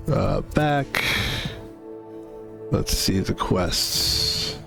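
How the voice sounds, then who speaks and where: A man's voice: mid-range voice, animated, normal speed. A man talks loosely over a video game in a loose, meandering way. He jokes and swears freely as he plays. Faint game music sits underneath his voice. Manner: rambling, profane, joking asides. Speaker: gaming YouTuber. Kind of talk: casual let's-play commentary.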